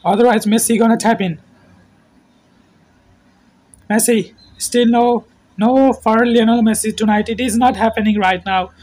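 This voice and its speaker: A man's voice: sits high, steady tone, measured pace, long pauses. A man giving play-by-play football commentary, calling out player names in short bursts and raising his voice at goals. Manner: terse name-calling play-by-play, shouts at goals.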